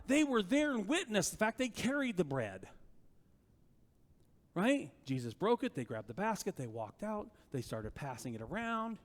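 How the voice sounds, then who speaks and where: Guy preaching, chatty and animated, keeps asking "right?", voice rings in a big reverby room. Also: extremely high pitch. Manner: animated, conversational preaching with frequent "right?" and rhetorical questions. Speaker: pastor. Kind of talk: sermon.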